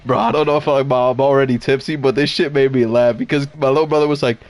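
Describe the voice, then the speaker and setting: A man's voice: medium pitch, fast, no room sound. A young man chatting casually with friends while gaming, telling stories with lots of laughter and restarts. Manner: animated, laughing, full of restarts. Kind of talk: casual storytelling chat.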